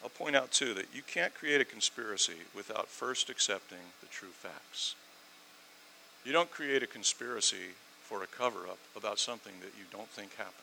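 Bright-voiced animated male preacher. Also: normal speed, creaky, slight background noise, rough recording. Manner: animated, swings from loud emphasis to low asides; sarcastic rhetorical questions. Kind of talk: sermon.

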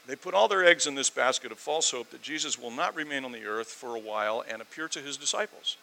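Male preacher, bright tone, animated sermon delivery with sarcastic rhetorical questions. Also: fast talker, creaky, low-quality recording. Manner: animated, swings from loud emphasis to low asides.

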